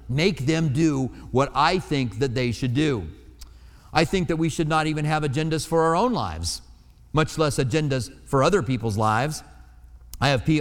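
A man's voice: a little high, long reverb tail. A man preaching a sermon in a conversational way, acting out the quoted lines in different voices. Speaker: pastor.

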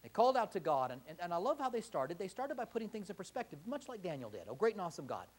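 A man preaching a sermon, acting out quoted prayers in lively voices. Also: sits high, very fast. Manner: animated, acts out quoted prayers. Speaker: pastor.

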